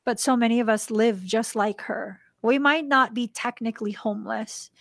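A woman's voice: normal speed, gravelly, no echo, clean studio sound. A woman hosting a spiritual podcast, telling a personal story in a casual way and acting out the voices in the dialogue. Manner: animated, acts out quoted dialogue in a higher voice; drops to a soft, hushed voice for tender moments. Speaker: podcast host.

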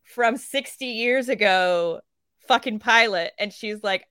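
A woman co-hosting a casual podcast. She rants in a lively way, swears freely and acts out quoted characters. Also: on the high side, extremely slow, long pauses, smooth, no room sound, studio quality. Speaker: podcast co-host.

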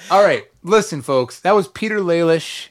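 A man's voice: a little high, lively intonation, unhurried. A man hosting a podcast, chatting casually from a recording studio with a rambling, filler-heavy way of talking. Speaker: podcast host. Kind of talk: casual chat.

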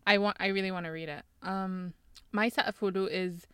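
A woman's voice: medium pitch, fairly even intonation, moderate pace, clean tone, no room sound, clean studio sound. A woman in her twenties co-hosting a casual podcast chat, chatty and swearing casually. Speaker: podcast co-host.

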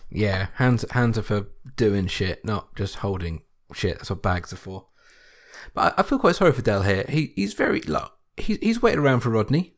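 A man's voice: lowish voice, very animated, normal speed. A man co-hosting a podcast, bantering wryly and swearing casually while recapping a sitcom. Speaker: podcast co-host.

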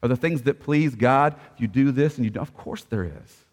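A man preaching a sermon, swinging between loud, ringing declarations and hushed, soft passages. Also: medium pitch, animated, a little fast, long reverb tail. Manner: impassioned preaching, swelling loud then dropping soft. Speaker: pastor.

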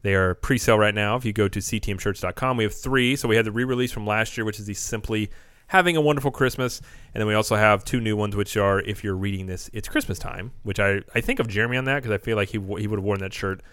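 A man's voice: on the low side, fairly even intonation, quick pace, fairly bright tone, clear, resonant tone, dry recording. A man co-hosting a podcast in casual chat, rambling and joking, often correcting himself mid-sentence. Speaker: podcast co-host.

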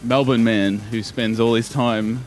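Man, mid pitch, playful contestant who invents answers, faint music. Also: fairly even intonation, measured pace, a little mellow. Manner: playful, makes up silly answers. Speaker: quiz contestant. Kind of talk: casual quiz game chat.

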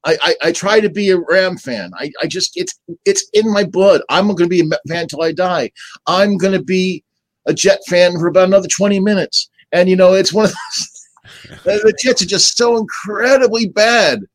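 Older man, higher voice, stammering wisecracking storyteller, dry close sound. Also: normal speed, dry recording, low-quality recording. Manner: self-deprecating storyteller, stammers repeated words, does voices in anecdotes. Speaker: guest, retired sportscaster. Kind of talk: casual chat.

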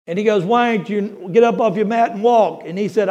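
Male pastor, middle-aged, very high pitch; folksy, emphatic sermon delivery. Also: brisk, muffled recording. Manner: folksy storytelling preacher, rising to emphatic shouts.

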